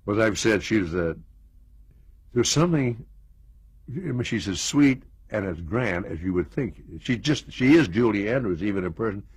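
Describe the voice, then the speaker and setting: A man's voice: fairly low pitch, expressive, moderate pace, slightly rough, no room sound. An older American man reminiscing in an interview, telling stories with chuckles and asides. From United States. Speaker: interview guest.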